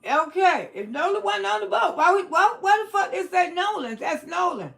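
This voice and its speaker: A woman hosting a livestream, commenting with outrage, shouting and cursing. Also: extremely high pitch, sing-song, normal speed, gravelly. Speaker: livestream host.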